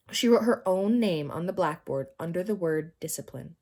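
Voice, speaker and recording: A woman narrating a children's novel aloud in a lively storytelling manner. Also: fairly low pitch, normal speed. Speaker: audiobook narrator.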